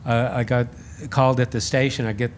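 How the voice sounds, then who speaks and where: A man guest on a podcast, telling a story in a casual, animated and self-deprecating way, acting out the voices he quotes. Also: mid-range voice, brisk, a little hiss or hum. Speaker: podcast guest, radio host.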